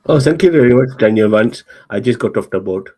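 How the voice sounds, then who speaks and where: A man's voice: mid-range voice, animated, fairly quick, a little mellow, close to an everyday voice. A man voicing a cheeky, boastful newly arrived immigrant man in a teasing, mock-threatening way. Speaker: co-host.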